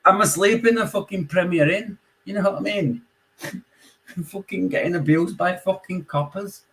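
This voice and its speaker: A man with a Yorkshire accent, calling in and telling a story in casual chat, swearing constantly and animated. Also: sits high, normal speed, poor audio. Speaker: caller.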